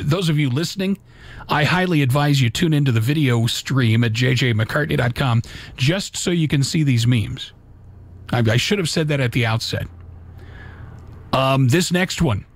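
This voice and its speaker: A man hosting a live radio talk show, reading holiday memes aloud in a folksy, casual way with little asides. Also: mid-range voice.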